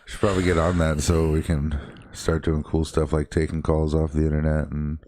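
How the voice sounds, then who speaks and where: A man's voice: extremely low pitch, flat delivery, moderate pace, a little mellow, a little hiss or hum. A man co-hosting a podcast, chatting casually in a joking, rambling way. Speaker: podcast co-host. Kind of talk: casual chat.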